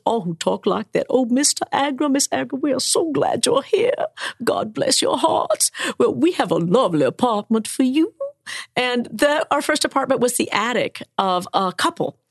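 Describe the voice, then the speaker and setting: A woman's voice: mid-range voice, no echo, studio quality. A woman in her sixties from Cuba, a storyteller and author whose first language is Spanish, telling a personal story on a podcast and slipping into the voices of the people she quotes.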